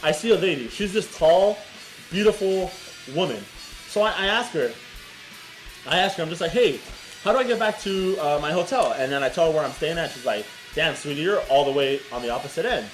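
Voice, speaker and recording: A man's voice: fairly high pitch, brisk, faint music behind, poor audio. A man co-hosting a podcast, telling a story in casual chat and swearing freely. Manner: animated, swearing, laughing storyteller. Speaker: podcast co-host.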